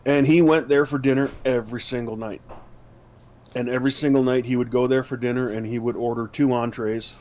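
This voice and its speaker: A man talks casually on a podcast, wandering through his points with frequent fillers and restarts. His voice sits at a middle pitch for a man. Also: steady tone, fairly quick, darkish tone. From United States. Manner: rambling, many fillers and restarts. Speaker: podcast co-host. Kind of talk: casual chat.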